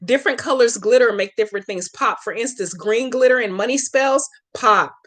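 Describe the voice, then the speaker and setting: A woman's voice: on the high side, moderate pace, a bit bright. A woman hosting a live Q&A as a hoodoo practitioner, chatting brashly and profanely with viewers and walking them through a spell step by step. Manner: slangy, emphatic instructions. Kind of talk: casual livestream Q&A and spell tutorial.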